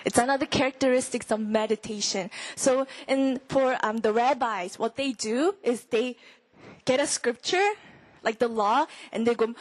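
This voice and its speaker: A young woman teaching a Bible lesson in a relaxed, conversational way, acting out inner thoughts and whispering verses. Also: on the high side, normal speed, no echo, low-quality recording. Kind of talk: sermon-style teaching.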